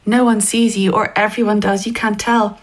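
A woman narrating a story in the second person, in a hushed, intimate way that often sinks toward a whisper. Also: medium pitch, little pitch movement, moderate pace, rough recording.

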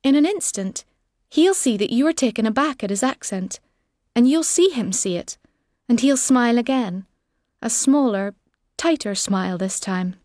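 A woman's voice: fairly high pitch, expressive, moderate pace, darkish tone, no echo. Woman narrating wryly in a dry booth. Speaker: audiobook narrator. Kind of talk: literary second-person narration.

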